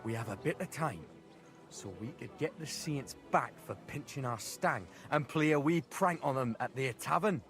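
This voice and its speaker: An actor voicing a cheeky young village prankster with a Northern English accent, talking in brash, animated dialect. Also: male voice, medium pitch, normal speed, soft background music. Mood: mischievous.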